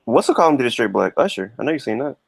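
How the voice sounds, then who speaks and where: A man's voice: mid-range voice, big pitch swings, rapid-fire, vocal fry. Joking slangy man hosting a stream. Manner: laid-back, joking, slangy. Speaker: livestream host. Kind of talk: casual livestream chat.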